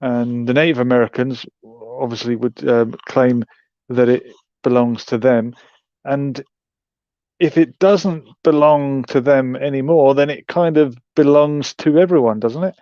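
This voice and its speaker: A man's voice: mid-range voice, measured pace, mellow, no echo. Wry male host with dull lo-fi sound. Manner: wry, sarcastic, musing. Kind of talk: livestream commentary.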